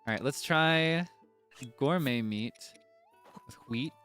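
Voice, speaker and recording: Soft-spoken man streaming a game. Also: mid-range voice, slow pace, soft background music. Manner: soft, chatty, thinking aloud. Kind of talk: casual game commentary.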